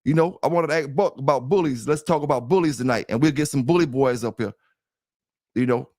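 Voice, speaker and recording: Warm in tone and medium in pitch, this middle-aged livestream host speaks a little fast as he chats casually, rambling, repeating himself and addressing listeners directly. It's a dry recording of studio quality.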